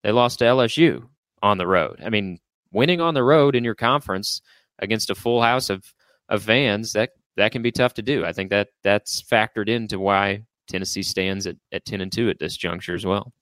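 A man's voice: lowish voice, moderate pace, fairly bright tone, dry recording. A man hosting a casual sports podcast, talking things over with fillers and putting questions to his co-hosts. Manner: conversational, many fillers and restarts, poses questions to co-hosts. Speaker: podcast host.

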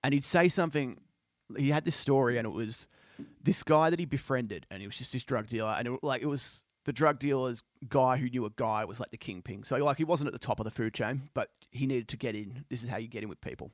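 A man's voice: mid-range voice, fairly quick, no echo, clean studio sound. Chatty man retelling a story. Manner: rambling, many fillers like "you know" and "like". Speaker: podcast host. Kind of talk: casual storytelling monologue.

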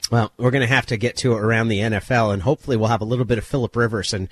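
A man co-hosting a sports radio show in casual chat, animated and opinionated. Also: lowish voice, rapid-fire, breathy edge, no echo.

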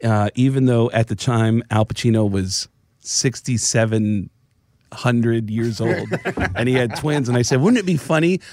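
An American man, a comedian guest, telling stories in a casual, animated way and jumping into voices. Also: medium pitch, a little slow, slight background noise. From United States. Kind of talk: casual storytelling interview.

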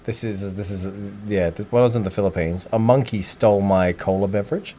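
An Australian man co-hosting a casual chat show, telling stories with lively outbursts. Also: lowish voice, fast, a little hiss or hum. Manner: animated storyteller, swings into loud outbursts. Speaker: co-host.

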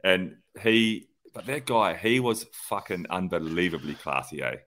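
Low-voiced New male co-host, relaxed banter, quick animated interjections. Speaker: podcast co-host, former racing cyclist. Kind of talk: casual chat.

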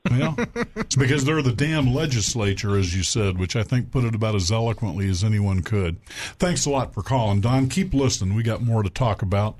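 A man's voice: lowish voice, brisk, darkish tone. A man sitting in as host of a radio talk show, chatting with guests and callers and moving the show along. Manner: conversational, moves the show along.

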